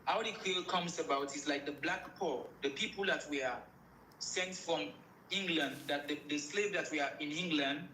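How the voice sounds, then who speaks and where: A man's voice: on the high side, moderate pace, bright, forceful tone, reverberant, slight background noise, rough recording. A man from Sierra Leone with a Sierra Leonean accent, a musician guest in a casual interview, often repeating phrases as he explains.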